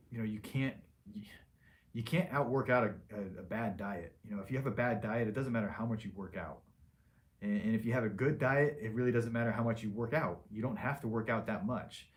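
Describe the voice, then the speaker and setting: Plain-spoken male surgeon, low voice, casual question-and-answer tone. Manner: frank, plain-spoken, loose with restarts. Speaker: liposuction surgeon. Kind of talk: casual patient Q&A.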